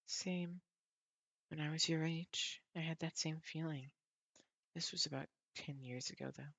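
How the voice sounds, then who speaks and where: Man voicing a weary young office woman, soft, whispery, slightly gravelly, dry close sound. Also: on the high side, steady tone, measured pace, dry recording, heavily acted. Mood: wistful.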